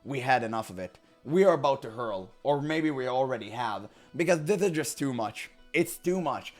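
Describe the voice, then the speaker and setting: A hoarse male gaming commentator whose voice keeps cracking after an illness. He sits at an ordinary middle pitch and rants in an emphatic, exasperated way. Faint music plays underneath. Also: animated, moderate pace. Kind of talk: ranting commentary.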